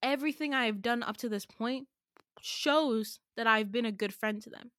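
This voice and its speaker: A woman's voice: on the high side, normal speed, a bit bright, no echo, studio quality. A young adult woman hosting a podcast, telling a personal story in a chatty way, filling her sentences with "like" and stressing her points hard. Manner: chatty, heavy use of "like", emphatic and indignant. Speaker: podcast host. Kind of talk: casual storytelling.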